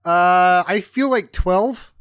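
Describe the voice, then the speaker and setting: A man's voice: sits high, slow pace, fairly bright tone, clear, resonant tone, dry recording, studio quality. A man casually chatting about a film, blunt and wry, cursing freely. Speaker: podcast co-host. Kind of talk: casual movie review chat.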